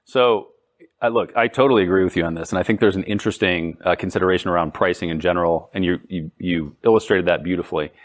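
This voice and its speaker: A man's voice: low-pitched, fast talker. A man hosting an interview podcast, chatting casually with his guest and often breaking in with short agreements. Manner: supportive listener, many short agreements. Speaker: podcast host.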